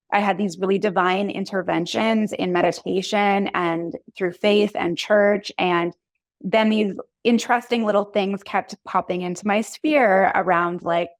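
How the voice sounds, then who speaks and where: A woman's voice: medium pitch, no room sound. A woman in her thirties talks through her story in an easy, chatty flow, often leaning on "like." Her voice sits in a middle range and is recorded close and dry, with no room sound. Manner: chatty, animated storytelling with many "like"s. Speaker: podcast guest, human design coach. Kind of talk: casual conversational interview.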